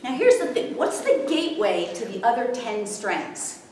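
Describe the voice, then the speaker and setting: Her pitch runs on the high side with big swings, her tone is somewhat dark, and her pace is moderate. The woman is addressing a live spiritual workshop, often asking whether the group is following. It was recorded far from the mic in a very echoey room with faint noise.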